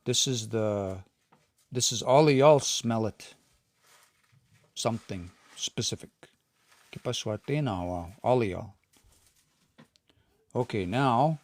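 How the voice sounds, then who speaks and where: A man's voice: mid-range voice, slow, long pauses, no room sound. Man teaching casually on a livestream. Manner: explains patiently, thinking aloud, reads out viewer comments. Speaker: language teacher.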